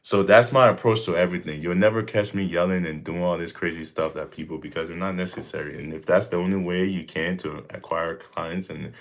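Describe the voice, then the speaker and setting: A man's voice: deep voice, fairly even intonation, brisk, hardly any pauses. A young man hosting a casual livestream Q and A from home, talking in a laid-back, rambling, slangy way with lots of "like" and "you know". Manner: slangy and blunt. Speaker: livestream host answering questions. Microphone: desk mic.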